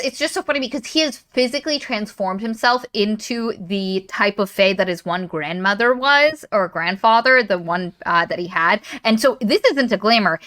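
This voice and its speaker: Brief: woman podcast co-host, sharp bright tone, eager interjections, casual chat. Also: fairly high pitch. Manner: eager, jumps in with added story details. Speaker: book club podcast co-host. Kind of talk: casual book discussion.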